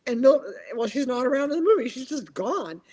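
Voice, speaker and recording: Woman author, middle-aged, lively anecdote-teller in casual chat. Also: fairly quick. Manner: chatty storyteller, acts out quotes with big pitch jumps. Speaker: author guest.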